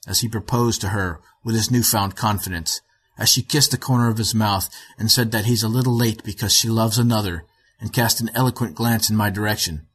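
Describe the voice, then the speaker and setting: A middle-aged man narrating a short story in a measured, even way with a husky voice. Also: on the low side. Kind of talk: audiobook narration.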